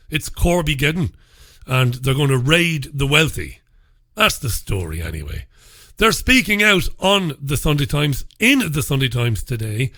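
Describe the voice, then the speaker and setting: Talk show host, male, sarcastic newspaper commentary, bright voice, dry close sound. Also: a little high, no echo. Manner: sarcastic and mocking, laughs at his own stories; blunt and profane. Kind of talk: solo commentary reviewing newspapers.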